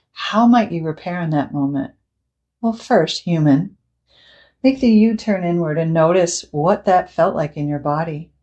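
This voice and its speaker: Brief: woman therapist, measured explanatory delivery, lowish mellow voice. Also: animated, highs cut off. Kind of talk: scripted educational talk.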